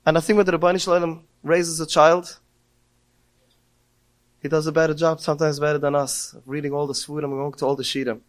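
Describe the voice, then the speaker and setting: Here the middle-aged podcast speaker's voice is a little high, with little pitch movement and a quick pace. He tells stories through a heartfelt Torah talk and rises to emotional cries on the quoted prayers.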